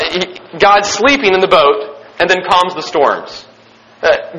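A young man preaching a sermon, reading scripture and stressing key points with excitement and repetition. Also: fairly high pitch, rough recording. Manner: emphatic and excited, repeating key phrases; frequent restarts and fillers.

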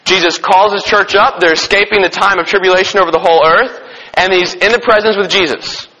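A man teaching a Bible lesson. He asks the listeners questions and answers them himself, and he reads scripture aloud slowly. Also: sits high, steady tone, pushed and bright, slightly rough, in a large hall, poor audio. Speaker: preacher teaching a Bible study.

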